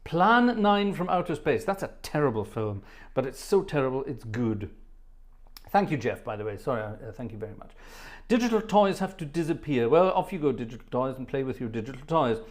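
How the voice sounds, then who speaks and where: A man's voice: medium pitch, sing-song, fairly quick. A middle-aged man hosting a live music stream, jovially rambling and joking as he reads out viewers' names from the chat. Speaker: live stream host and organist. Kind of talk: chatty live stream banter. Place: home studio.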